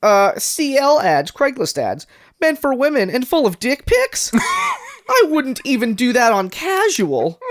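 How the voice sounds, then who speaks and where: A woman's voice: sits high, big pitch swings, measured pace. A woman co-hosting a comedy podcast, reading posts aloud with laughter and swearing in casual chat. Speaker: podcast co-host.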